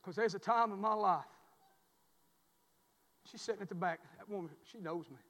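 High-voiced preacher in an echoing church. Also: male voice, normal speed, a bit bright. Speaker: pastor. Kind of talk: sermon. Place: church sanctuary. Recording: long reverb of a church hall.

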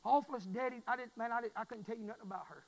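A man preaching a fervent sermon in a church, repeating his phrases and swelling into loud pleas. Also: extremely high pitch, rapid-fire, vocal fry, long reverb tail, low-quality recording. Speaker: pastor.

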